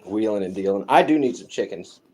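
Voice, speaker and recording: A woman hosting a casual livestream from home, chatting in a relaxed way and sometimes dropping to a whisper. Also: extremely low pitch, fairly quick, breathy edge. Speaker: livestream host. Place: home bedroom.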